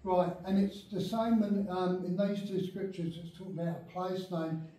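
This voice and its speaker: A man's voice: high-pitched, fairly even intonation, moderate pace, mellow, a little hiss or hum. A man teaching an adult Bible class, emphatic and often checking that his listeners follow along. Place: church meeting room. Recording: very echoey room, speaker far from mic.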